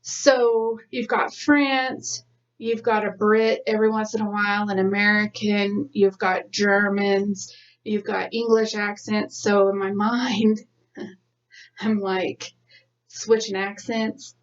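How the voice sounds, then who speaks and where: A woman's voice: medium pitch, little pitch movement, slow pace. Chatty woman podcaster, distant lo-fi mic. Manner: chatty, rambling, laughs often. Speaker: podcast co-host. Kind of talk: casual chat. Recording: dull lo-fi sound from a distance.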